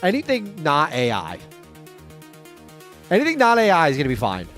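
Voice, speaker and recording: A young man hosts a laid-back coding livestream in an upbeat, playful way. His voice sits a little high, and he rattles off quick chatty patter to his viewers. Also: huge pitch swings, fairly bright tone, soft background music. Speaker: livestream host. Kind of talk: casual livestream chat.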